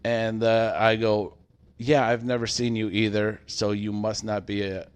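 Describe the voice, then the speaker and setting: Lower-voiced man telling a work story. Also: measured pace, smooth. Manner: animated storyteller acting out quotes. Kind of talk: casual storytelling chat.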